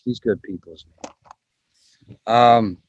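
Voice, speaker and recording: A man's voice: medium pitch, steady tone, takes it slowly, dry recording, highs cut off. A man hosting a podcast in a casual, chatty way, swearing now and then. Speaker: podcast host.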